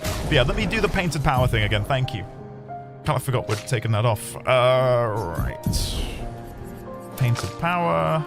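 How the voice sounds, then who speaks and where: A man chats his way through a game stream. His voice rises and falls all over as he rambles and mutters the odd curse, and game music plays clearly behind him. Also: medium pitch, lively intonation, measured pace. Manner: chatty, rambling, swears lightly. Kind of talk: casual gameplay commentary.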